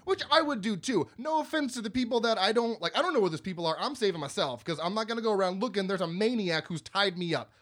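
A man's voice: high-pitched, fairly bright tone. A man casually recapping a horror movie plot in loose, profane podcast chat, now and then acting out lines of the characters. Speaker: podcast co-host.

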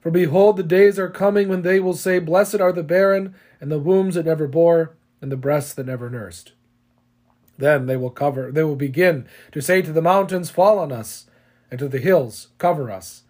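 Jesus, a calm grown man facing judgment, speaks in a solemn, measured way, as a man reads his words in a scripture reading. The voice sits a little high for a man. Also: lightly acted.

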